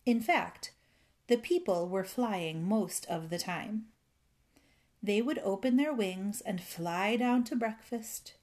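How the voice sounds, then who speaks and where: A woman reads a children's fairy tale aloud, unhurried and gentle. She leans into the rhythm of repeated words and lets each phrase land slowly. Her pitch sits at an ordinary middle height. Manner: gentle, rhythmic, savoring repetitions. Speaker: storyteller.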